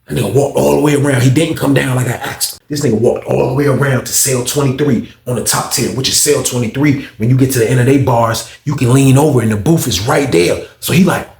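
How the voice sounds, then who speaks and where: A man telling a story casually, animated and profane, repeating lines for effect. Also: mid-range voice, quick pace, gravelly, hardly any pauses. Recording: echoey room.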